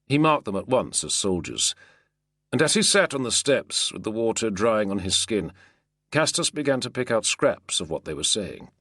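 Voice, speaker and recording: A man reading a novel aloud as an audiobook narrator, in a measured, expressive way. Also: lowish voice, dry recording, studio quality. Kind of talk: scripted narration.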